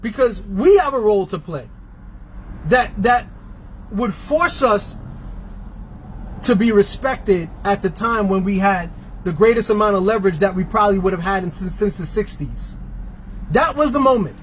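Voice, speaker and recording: A man's voice: sits high, moderate pace, slight background noise, rough recording. A man from New York, a transit union member, delivering a fiery, sarcastic rant full of rhetorical questions. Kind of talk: impassioned rant.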